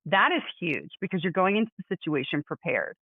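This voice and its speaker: A middle-aged woman co-hosting a podcast, chatting casually and telling stories in an animated way. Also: fairly low pitch, brisk, husky, dry recording. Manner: animated storyteller, acts out quotes. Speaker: podcast co-host. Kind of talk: casual chat. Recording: dry, phone-like narrow sound.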